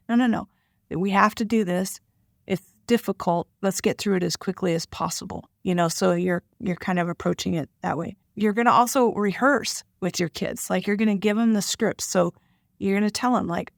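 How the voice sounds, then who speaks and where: A woman's voice: medium pitch, steady tone, moderate pace, no room sound, studio quality. A middle-aged woman talking casually to parents with advice, often acting out short lines a parent or child might say. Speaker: parenting podcast host and child therapist.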